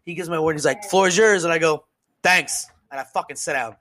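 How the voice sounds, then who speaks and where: A man co-hosting a casual podcast, telling a profane, animated story and acting out what other people said. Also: a little high, fast talker. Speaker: podcast co-host, service member.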